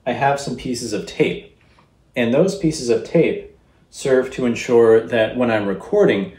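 A man teaching how to record a voice, explaining calmly in a closet set up as a recording booth and speaking into a studio microphone. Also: medium pitch, echoey room. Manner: calm, explanatory, demonstrating as he goes. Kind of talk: instructional tutorial.

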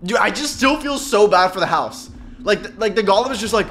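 A man giving casual reaction commentary on a cartoon, excitable and slangy, laughing often. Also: sits high, brisk, slight background noise.

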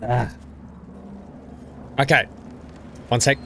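A man's voice: mid-range voice, fairly even intonation, very slow, gravelly, fairly bright tone, a little hiss or hum. A man chatting casually on a live game stream, greeting viewers by name and poking fun at himself. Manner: chatty, self-deprecating, talks to chat by name. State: coughing, something in throat. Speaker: gaming streamer.

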